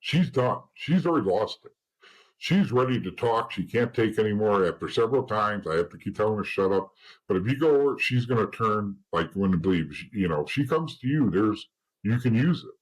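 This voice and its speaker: A man with a husky, slightly low voice talks as a guest in an interview. He tells his stories bluntly and casually, swears freely, and acts out the lines of the people in them. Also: animated, normal speed, low-quality recording.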